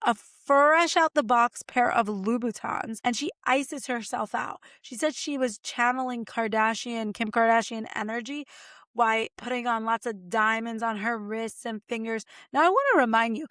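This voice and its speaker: A woman lawyer hosting a podcast, giving chatty, expressive legal commentary and talking straight to her listeners. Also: a little high, no room sound, clean studio sound.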